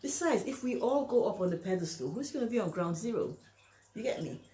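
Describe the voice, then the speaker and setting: A woman's voice: mid-range voice, lively intonation, brisk, mellow. A woman talking to camera and giving relationship advice, speaking emphatically and acting out the lines other people say. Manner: emphatic, acts out quoted lines, asks "you understand?". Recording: echoey room.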